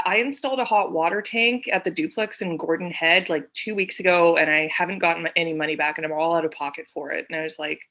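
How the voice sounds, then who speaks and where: A woman, co-hosting a podcast in casual chat. She has a bright, forceful tone. She tells stories with animation and plays out both sides of a conversation. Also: on the low side. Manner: animated storyteller, acts out both sides of a phone call. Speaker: podcast co-host. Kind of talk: casual chat, retelling a story.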